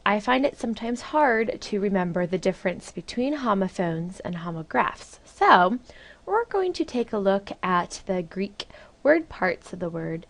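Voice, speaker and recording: Slow-speaking woman explaining a lesson. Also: mid-range voice, very animated. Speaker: teacher. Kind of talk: recorded video lesson.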